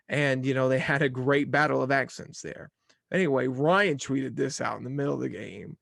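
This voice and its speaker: Young guy hosting a sports show, laid back and rambly, kinda gravelly, dry room. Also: mid-range voice, moderate pace, a bit bright, no room sound. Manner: easygoing, rambling. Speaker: podcast host. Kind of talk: casual sports chat.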